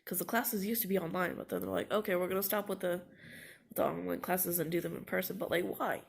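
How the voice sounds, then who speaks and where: Tired, congested young woman with a gravelly voice. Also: on the low side, animated. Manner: halting, sighing, soft and shaky. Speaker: vlogger. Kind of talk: casual vlog talk. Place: indoors at home, lying down. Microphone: phone camera held close.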